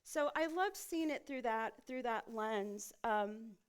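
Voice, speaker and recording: A woman pastor delivers a sermon from the pulpit of a church sanctuary. Her voice sits fairly high and is smooth and resonant. She keeps checking in with the congregation through rhetorical questions. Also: animated, slow.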